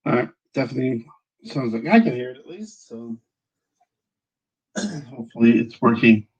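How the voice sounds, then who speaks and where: A man hosting a casual livestream, rambling as he checks his audio, greets viewers by name and often clears his throat. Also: mid-range voice, normal speed, darkish tone, lo-fi sound. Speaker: livestream host.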